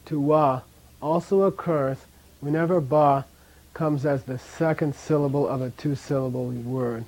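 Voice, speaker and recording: A man leads a classroom lesson, drilling pronunciation and explaining rules in a patient, repetitive way. His voice sits a little high for a man, and he lets out light chuckles as he teaches. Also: fairly even intonation, unhurried, a little mellow. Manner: patient, repeats sounds for students to echo. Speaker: language teacher.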